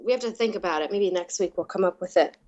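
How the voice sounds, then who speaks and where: A woman co-hosting a podcast, quick to giggle and tease. She turns warmly supportive when she praises her co-host's milestone. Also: lowish voice, lo-fi sound. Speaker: podcast co-host, musician. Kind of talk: casual podcast banter.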